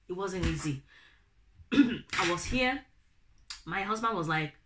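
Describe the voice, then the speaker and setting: Young Nigerian woman vlogger, Nigerian accent, low-pitched, animated storyteller, faint noise behind. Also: unhurried, pauses often. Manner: animated, acts out quoted family members in raised voices. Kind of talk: casual storytelling to camera.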